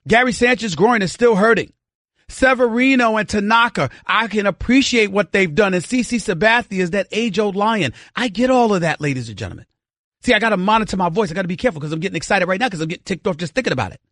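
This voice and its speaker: A middle-aged sports radio host rants heatedly through an opinionated monologue, repeating words often while straining an irritated voice after vocal cord surgery. His voice is high and a bit bright. It's captured dry on a studio mic with studio-quality sound.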